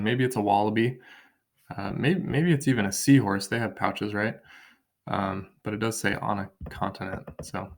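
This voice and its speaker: A man teaching an online writing lesson from his kitchen table, thinking aloud and counting syllables as he drafts. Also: fairly low pitch.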